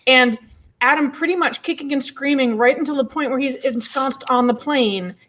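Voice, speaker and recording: A woman's voice: high voice, normal speed, fairly bright tone. A woman in a casual chat who handles the travel plans, dropping wry, teasing asides. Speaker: guest, manages travel arrangements.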